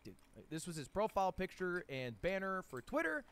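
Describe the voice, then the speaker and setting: Man, commentary video narrator, high and bright voice, conversational, fillers and restarts. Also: sing-song, moderate pace, clear, resonant tone.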